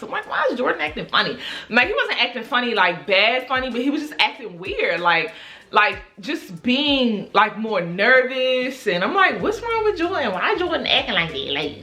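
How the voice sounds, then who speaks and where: A woman's voice: fairly high pitch, normal speed. A woman in her twenties telling a casual storytime on camera, acting out her friends' lines with lots of "like" and swearing. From Baltimore. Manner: animated, acts out quoted friends, frequent "like" and cursing. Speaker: storytime vlogger. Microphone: camera mic.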